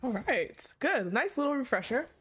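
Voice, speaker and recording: Young woman, game streamer, casual chat with viewers, frequent laughter, swearing, very lively pitch. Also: normal speed, breathy edge. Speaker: gaming streamer.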